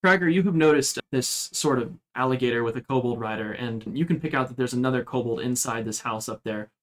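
A man narrating a tabletop game as game master, describing scenes with steady, measured pacing. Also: mid-range voice, rough recording.

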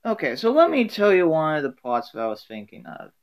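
Rambling sitcom fan, casual, apologetic, mid-pitched voice. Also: huge pitch swings, fairly quick.

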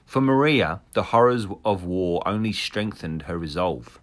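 A man's voice: deep voice, animated, a little slow, slight background noise. A man hosting a podcast, reading a war story aloud with casual asides. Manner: reads narration with laughs and asides. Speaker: podcast host.

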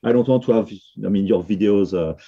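A man's voice: lowish voice, brisk, warm tone. Man with a French accent, muffled. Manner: hesitant, many fillers and restarts. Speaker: software company founder, podcast guest. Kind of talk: casual podcast conversation.

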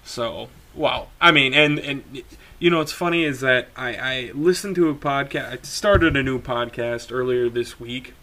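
A man's voice: medium pitch, measured pace, pushed and bright. A man co-hosting a casual podcast, giggly and loose, swearing freely. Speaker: podcast co-host. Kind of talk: casual chat.

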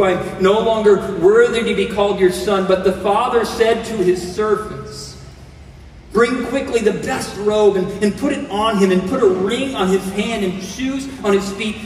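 A man's voice: high voice, a little hiss or hum. A man preaching a sermon, reading scripture aloud and then explaining it earnestly. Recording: echoey hall, voice from some distance.

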